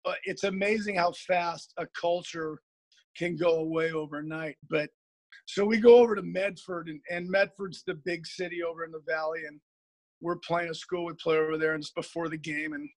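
A middle-aged man from Oregon, a high school football coach, telling stories as a guest in a rambling, earnest way with many repeated words. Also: fairly even intonation, normal speed, no room sound. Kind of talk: guest storytelling on a podcast.

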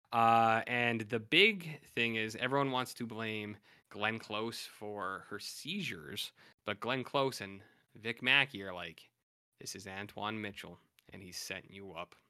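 A man's voice: lowish voice, pushed and bright, clear, resonant tone. Chatty man rambling through a recap. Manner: rambling, filler-heavy, quotes characters in loose paraphrase. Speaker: podcast co-host. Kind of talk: casual recap chat.

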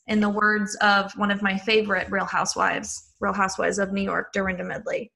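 A woman with a Midwestern American accent, co-hosting a casual podcast. Her voice is bright and sharp, and she sits at a middling pitch. She talks with chatty enthusiasm, piling up asides. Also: flat delivery, brisk, gravelly, few pauses. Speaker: podcast co-host. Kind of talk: casual chat.

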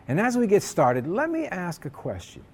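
A man's voice: high-pitched, huge pitch swings, normal speed. A man, an assistant pastor, preaching a sermon in a conversational storytelling way.

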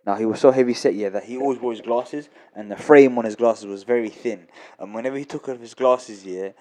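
A man, telling anecdotes in a relaxed, slangy chat. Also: mid-range voice, brisk. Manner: storytelling, slangy. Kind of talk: casual chat.

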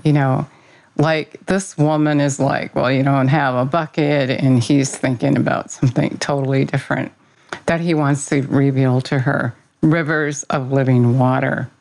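A woman's voice: extremely low pitch, a little mellow, poor audio. A woman giving an informal devotional talk, earnest and conversational, opening with a prayer and speaking about her faith. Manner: earnest, conversational, with fillers and self-corrections.

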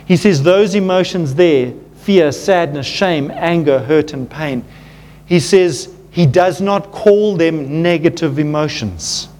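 Taking it slowly, a man preaches as pastor in an earnest, animated manner. He calls his audience "folks" and softens to a low, quiet voice at tender points.

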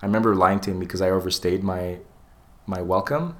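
A man with a deep, low voice tells a tale on a casual podcast, swearing freely and slipping into the voices of the people in it. He keeps the talk loose and animated. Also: fairly quick. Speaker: podcast co-host. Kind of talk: casual storytelling chat.

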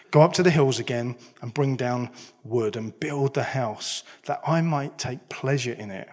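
A man's voice: mid-range voice, husky. A middle-aged man preaching a sermon, conversational and self-deprecating, asking the listeners many questions. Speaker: pastor. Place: church hall. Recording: long hall reverb.

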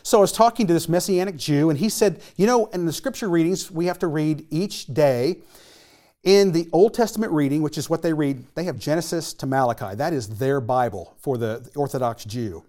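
Animated male pastor preaching. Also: a little high, fairly quick. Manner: animated, acts out quoted voices and questions. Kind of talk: sermon.

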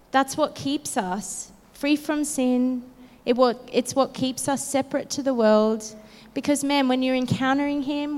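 A woman's voice: sits high, in a large hall. A woman preacher telling an earnest, emotional personal story in a sermon, with casual fillers.

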